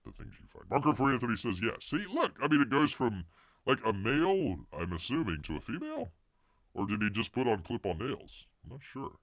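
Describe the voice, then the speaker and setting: A man's voice: mid-range voice, very animated, brisk, fairly bright tone, no echo. A man hosting a casual livestream, rambling and jokey as he reads news and chat, calling himself Bear. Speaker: livestream host.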